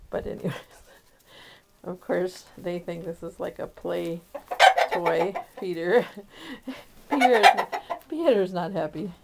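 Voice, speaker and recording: A woman with a lowish, gravelly voice speaks slowly as she gives a casual, rambling walk-through of her small farm outdoors, among barns and animals. She fills her narration with fillers and small laughs. It's captured on a handheld camera mic against a noisy background.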